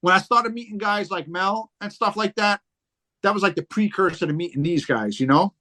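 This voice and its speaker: A man's voice: high-pitched, moderate pace, bright, forceful tone. A man, a guest on a casual chat show, telling rambling stories full of fillers and swearing. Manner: rambling, profane storytelling with many fillers. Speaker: podcast guest, rapper.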